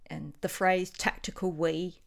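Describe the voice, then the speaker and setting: A woman's voice: lowish voice, steady tone, a little slow, vocal fry. A woman with an Australian accent, chatting enthusiastically as a podcast co-host. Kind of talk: casual chat.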